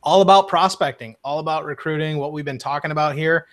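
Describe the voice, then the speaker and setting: A man's voice: a little high, fast talker. A man hosting an interview, enthusiastic and hyped up as he promotes an upcoming webinar. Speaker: host.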